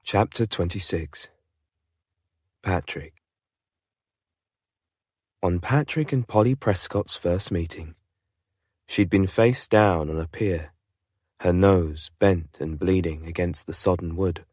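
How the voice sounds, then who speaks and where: Casting: a male audiobook narrator, very deep and husky, dry close recording. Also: unhurried, no echo. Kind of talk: scripted narration.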